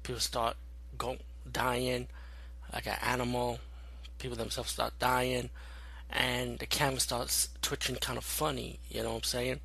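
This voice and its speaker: Young dude reviewing a movie, gravelly husky voice, lots of "you know" and cussing. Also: male voice, medium pitch, little pitch movement, measured pace, pushed and bright, low-quality recording. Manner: loose and rambling, swears, many fillers. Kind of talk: casual spoken movie review.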